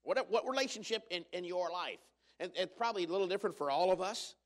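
A middle-aged man preaching to his congregation in a church auditorium, with a slightly raised pitch. He tells family stories with jokes, loose and chatty, full of "uh" and restarts. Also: quick pace. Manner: storytelling with humor, many fillers and restarts. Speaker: pastor. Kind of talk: sermon.

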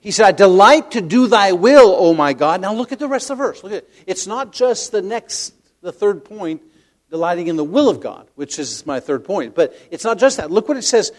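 Older man preaching with animated storytelling. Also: sits high, brisk. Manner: animated storytelling, acts out inner voices, drops to soft tender tones; repeats words while searching. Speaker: pastor. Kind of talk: sermon.

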